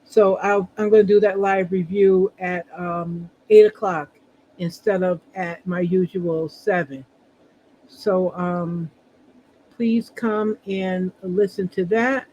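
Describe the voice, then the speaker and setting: A man's voice: high voice, fairly even intonation, slow, a little mellow, a little hiss or hum. A man hosting a casual solo review podcast, chatting loosely with many fillers while feeling unwell. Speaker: reality show reviewer and host. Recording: dull lo-fi sound.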